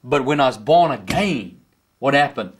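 A middle-aged man, a pastor with a South African accent, preaching a sermon and jumping up in pitch on the words he stresses. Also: expressive, moderate pace, breathy edge. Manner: impassioned preaching, rising high on key words.

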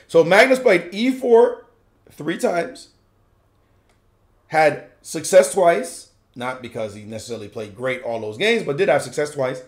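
Lively, playful male chess analyst. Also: on the high side, a little slow. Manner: playful, slangy, acts out the players' thoughts. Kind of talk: animated chess commentary.

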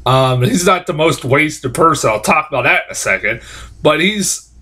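A man's voice: fairly high pitch, lively intonation, moderate pace, bright, forceful tone. A man giving a casual, profane, rambling film review, exasperated and full of fillers.

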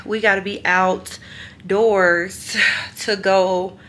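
A woman's voice: medium pitch, level tone, extremely slow, a bit bright. A young woman, talking to camera in a hotel room, chatty and emotional. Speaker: vlogger. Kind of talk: casual vlog talk to camera.

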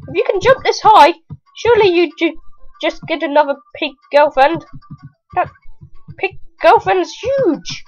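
A woman commenting on her own gameplay, excitable and exclaiming loudly at the game. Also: extremely high pitch, unhurried, rough recording. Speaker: gaming video host. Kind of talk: let's play commentary. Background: faint game music.

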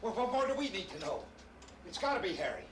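A gruff townsman. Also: high-pitched, sing-song, quick pace, background noise. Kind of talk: 1980s horror film acting.

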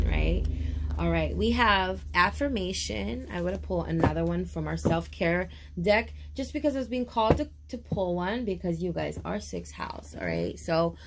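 A woman giving a tarot reading for viewers in a casual video, talking in a lively, confident way and calling them baby and honey. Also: lowish voice, normal speed, very noisy. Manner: chatty, sure of herself. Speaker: tarot reader.

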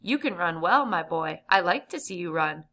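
A woman reading as a genial prize-giving gentleman. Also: lowish voice, lively intonation, normal speed. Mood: approving. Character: genial man handing out a race prize.

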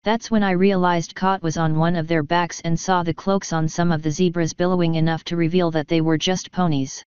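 A woman's voice: fairly low pitch, little pitch movement, fairly quick, darkish tone, smooth, no room sound. A woman steadily reading a first-person fan story aloud. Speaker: fanfiction reader. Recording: slightly muffled recording.

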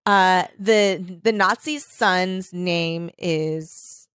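A woman's voice: fairly low pitch, drawn-out words, a bit bright, smooth, no echo, studio quality. A woman co-hosting a podcast in casual chat, retelling things in a giggly, rambling way full of fillers. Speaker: podcast co-host.

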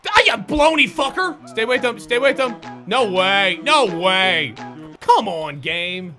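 A high-voiced young man commentating his own basketball video game match. His bright voice jumps wildly between low, tense self-talk and shrill, cursing yells. Soft background music plays under him. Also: sing-song, a little slow. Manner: swings from muttered self-coaching to shouted profane outbursts. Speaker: gaming YouTuber. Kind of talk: live gameplay commentary.

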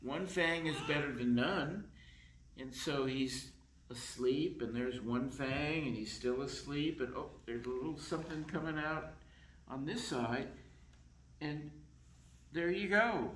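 A man reading a children's picture book aloud in a slow, expressive storytelling voice, in council chambers. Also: medium pitch, roomy sound, slight background noise, poor audio.

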